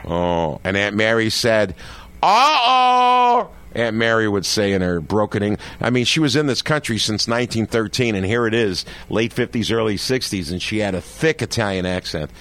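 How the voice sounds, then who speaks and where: An older man telling a comic monologue from his childhood, chatty and animated, speaking straight to his audience. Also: fairly low pitch, moderate pace, hardly any pauses. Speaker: storyteller.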